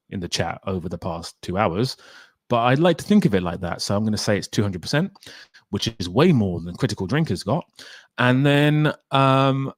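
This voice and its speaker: A young guy running a laid-back livestream reads comments from chat and answers questions in a talkative, opinionated way. His voice is on the low side, captured dry with clean studio sound.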